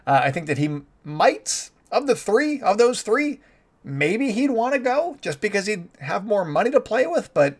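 Male sports commentator, slightly high-pitched, talky and opinionated with sarcastic asides. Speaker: baseball commentator.

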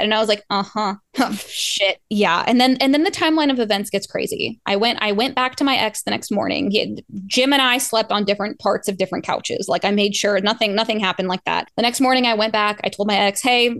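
A woman's voice: mid-range voice, gravelly, a bit bright, dry recording, studio quality. A woman telling a long personal breakup story on a podcast in a casual, rambling way, with casual swearing. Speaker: podcast guest.

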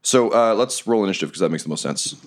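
A man narrating as game master of a tabletop role-playing game, lively and quick to laugh. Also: fairly low pitch, very noisy. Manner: lively, laughing narration with shouted character lines.

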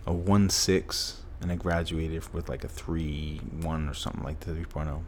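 Brief: middle-aged man, very low voice, earnest storyteller, faint hiss behind. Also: fairly even intonation, moderate pace. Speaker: guest. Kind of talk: storytelling in a podcast interview.

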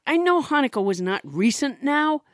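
A woman's voice: sits high, big pitch swings, normal speed, dry recording, studio quality. A woman comedian chatting on a podcast, telling wry rambling stories with asides. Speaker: comedian co-host. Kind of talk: casual comic chat.

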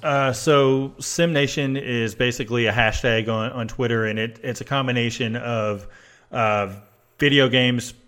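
A man co-hosting a casual podcast, speaking in a halting, measured way with many pauses. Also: mid-range voice, fairly even intonation, a bit bright, smooth. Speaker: podcast co-host.

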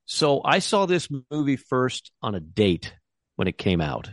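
A man's voice: mid-range voice, sing-song, measured pace, no room sound, clean studio sound. A man co-hosting a casual sports podcast, rambling enthusiastically with many restarts. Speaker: co-host.

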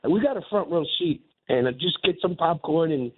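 A fired-up man calls in to a radio show, his fairly high voice squeezed through a tinny phone line. He rambles and circles back on himself as he talks. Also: expressive, brisk, slightly rough. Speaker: radio caller. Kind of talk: call-in radio talk.

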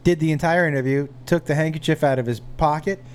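A man's voice: on the high side, fairly even intonation, fast, smooth. A man co-hosting a podcast, telling an anecdote with a dry, teasing delivery in a casual chat.

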